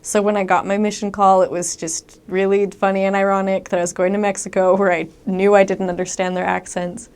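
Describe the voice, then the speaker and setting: A young woman casually telling stories about her time as a missionary, with a conversational, animated manner and frequent ums. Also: medium pitch, a little fast, hardly any pauses, clear, resonant tone. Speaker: returned missionary. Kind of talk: casual storytelling monologue.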